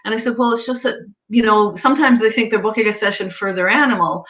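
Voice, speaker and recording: A woman's voice: medium pitch, quick pace, fairly bright tone, highs cut off. A woman working as an animal communicator, chatting casually and acting out the voices of the people in her stories. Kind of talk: casual chat.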